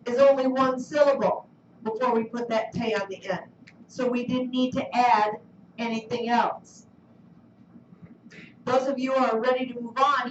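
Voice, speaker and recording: A high-pitched woman teaches a class at an unhurried pace, quizzing her students and coaxing answers out of them. She is picked up from a distance in an echoey classroom, and the recording sounds dull. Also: a little hiss or hum. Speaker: Spanish teacher. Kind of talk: classroom lesson.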